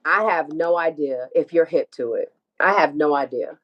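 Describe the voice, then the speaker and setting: A woman's voice: low voice, moderate pace, highs cut off. A woman telling an emotional personal story, acting out dialogue and swearing freely. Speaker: guest telling her story.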